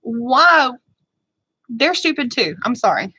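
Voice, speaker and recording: A woman beauty vlogger chatting casually on a livestream, answering viewers in a rambling, fired-up way and talking fast. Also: on the high side, big pitch swings, pushed and bright, husky, no echo, poor audio.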